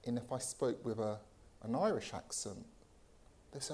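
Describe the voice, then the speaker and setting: A man from England speaking on a panel at a live event, into a microphone, deliberate and emphatic, posing rhetorical questions. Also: mid-range voice, expressive, dark tone. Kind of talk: panel discussion speech. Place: event hall with audience. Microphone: handheld microphone.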